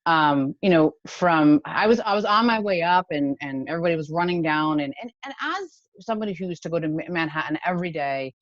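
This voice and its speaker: Low-voiced woman telling a personal story. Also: fairly quick, few pauses, no echo, muffled recording. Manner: emotional, animated retelling with laughs. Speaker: podcast guest, company founder. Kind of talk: candid interview storytelling.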